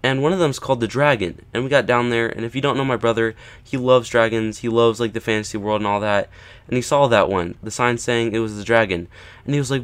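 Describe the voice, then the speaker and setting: This vlogger's voice is medium-pitched, smooth, and fairly bright, and he talks briskly. Telling a casual story to camera, he repeatedly checks in with "right?" and "okay?" and acts out what people said, his emphasis rising.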